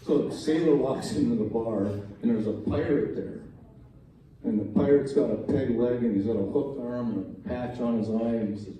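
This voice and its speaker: A man's voice: medium pitch, moderate pace, mellow, a little hiss or hum. A man telling a string of jokes at a talent show in a folksy storytelling way, giving the quoted lines small voice shifts. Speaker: joke teller at a college talent show. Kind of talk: stand-up joke telling. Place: event hall at a talent show. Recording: very echoey hall from far off. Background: faint room ambience, audience laughs.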